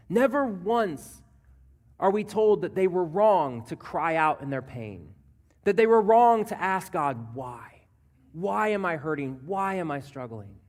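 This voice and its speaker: A man pastor preaching a sermon, earnest, dropping to a hush and then rising as he voices scripture. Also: sits high. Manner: earnest preaching that drops to a hush and swells when voicing scripture. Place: church sanctuary.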